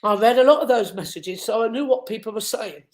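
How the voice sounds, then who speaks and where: A man's voice: high voice, a little fast, reverberant. A man from the hosting a casual live show from home, emotional and chatty. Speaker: host.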